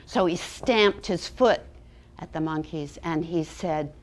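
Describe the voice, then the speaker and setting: A woman who works as an early childhood educator gives a dramatic storybook reading, swinging between hushed and loud moments, and then talks about teaching. Her voice is low and her pace slow.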